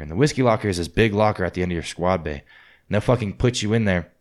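Fast-talking, profane low-voiced man. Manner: profane, blunt, animated storytelling. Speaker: podcast host, former Marine. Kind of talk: casual storytelling chat.

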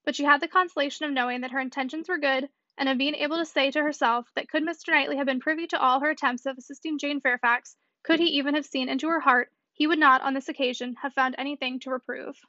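A woman reads a classic novel aloud at a brisk clip. Her voice sits high and she moves quickly through the text. The recording is dull and dry, with no room sound. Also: fairly even intonation, bright, forceful tone, no room sound. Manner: brisk, fluent reading. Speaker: audiobook reader.

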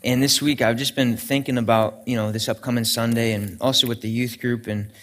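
A man's voice: mid-range voice, little pitch movement, brisk. A young adult man, a pastor, preaching a sermon in an earnest storytelling way with frequent restarts.

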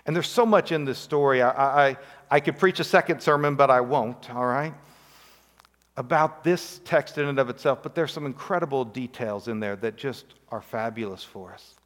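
A man preaching a sermon as a pastor, earnest, rising high on pleading lines and dropping soft and low on key phrases. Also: normal speed, in a large hall.

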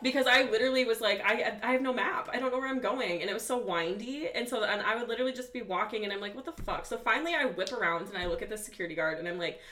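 A young woman telling a long story on a casual podcast, animated and profane, full of "like" fillers. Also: fairly high pitch, racing, hardly any pauses, echoey room. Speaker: podcast guest.

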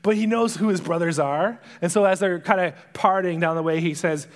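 A male pastor preaching a sermon, retelling a story dramatically and dropping to hushed whispers at its emotional moments. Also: high-pitched, fairly quick.

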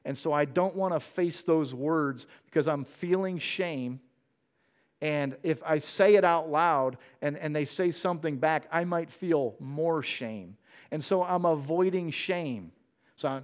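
A man preaching a conversational sermon, earnest and animated in his storytelling. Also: on the high side, unhurried.

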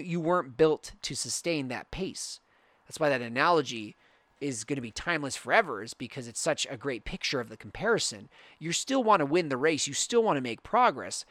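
A man's voice: a little high, a bit bright, no echo. A young man hosting a podcast, talking earnestly in a reflective monologue that rambles with restarts. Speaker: podcast host.

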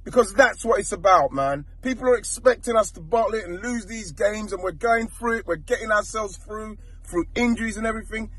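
A man's voice: high voice, a little fast, hardly any pauses, husky. A man in a played clip, giving a passionate, pleading rant as a football supporter. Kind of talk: impassioned fan rant.

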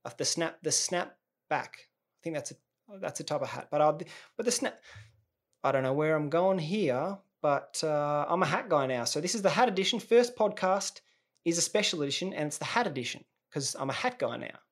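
A man's voice: on the high side, animated, moderate pace. A man, hosting a podcast in a rambling, jokey monologue that often restarts mid-sentence. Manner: rambling, self-interrupting, jokey. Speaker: podcast host. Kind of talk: casual comedic monologue.

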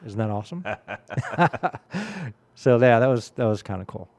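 A man's voice: on the low side, steady tone, moderate pace, a little mellow. A man in his late forties hosting a radio music show, telling stories in a rambling, casual way full of fillers. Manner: rambling storyteller, many fillers.

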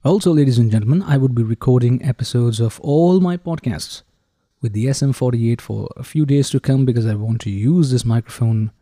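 A man hosting a podcast and testing microphones close up, with a showy manner that keeps addressing the ladies and gentlemen. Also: medium pitch, a little fast, dry recording. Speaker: podcast host. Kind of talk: casual microphone review talk. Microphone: handheld dynamic mic held close.

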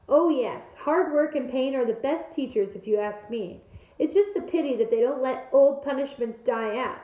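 A woman's voice: high voice, moderate pace, warm tone, natural voice. Woman voicing a sneering, cruel old caretaker. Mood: gloating. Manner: sneering, gloating. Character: nasty old male caretaker, gloating and cruel. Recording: echoey room over a thin phone-like line.

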